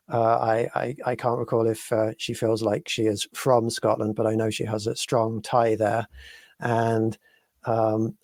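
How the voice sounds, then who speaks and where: A male co-host talks through a live stream, choosing his words slowly and filling the gaps with ums and restarts. His voice sits in an ordinary middle pitch. The sound is dry and close, with no room around it. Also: darkish tone, no room sound. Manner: deliberate, hesitant with many fillers. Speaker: podcast co-host.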